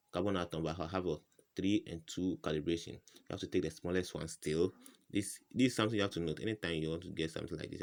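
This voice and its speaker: A man's voice: low-pitched, creaky, a little mellow. A man tutoring chemistry in an informal lesson, firing rhetorical "what?" questions at the viewer and repeating each answer. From West Africa.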